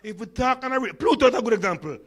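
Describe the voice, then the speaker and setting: A Jamaican man in his sixties gives a humorous keynote with a slight stutter and lisp. He tells stories and puts questions to the crowd in a notably high voice. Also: lively intonation, racing, fairly bright tone. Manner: storytelling, engages audience with questions. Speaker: conference speaker.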